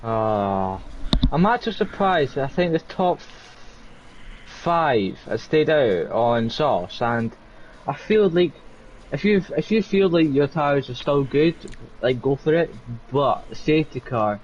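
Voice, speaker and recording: A man with a mid-pitched voice adds loose, halting color commentary on a sim race. He talks in bits and pieces, with plenty of likes and uhs. His mic sounds dull and lo-fi, with a faint hiss under it. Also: animated, darkish tone. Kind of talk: live esports race commentary.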